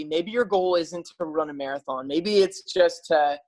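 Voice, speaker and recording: A health practitioner talks to camera at a normal speed, his fairly high voice a little mellow despite the rough recording. Casual and eager toward his viewers, he stays upbeat and persuasive while dropping in frequent fillers.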